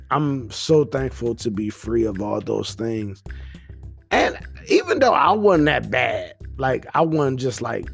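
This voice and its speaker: A man's voice: mid-range voice, gravelly. A man hosting a casual, rambling monologue, a little intoxicated, talking in a profane, laid-back way. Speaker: podcast host.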